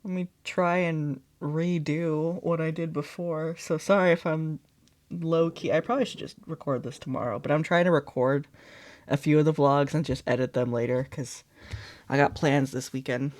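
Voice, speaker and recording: A woman vlogging in a casual, chatty way, expressive and quick to laugh, sounding upset and close to tears. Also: low voice. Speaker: beadwork vlogger. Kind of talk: casual vlog chat.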